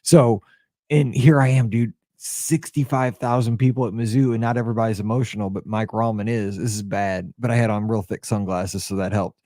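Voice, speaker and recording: A man hosting a podcast, telling a story in a casual, excitable and openly emotional way, with lots of restarts. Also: on the low side, fairly quick, dry recording, studio quality. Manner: excitable, rambling sports storyteller. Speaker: podcast host.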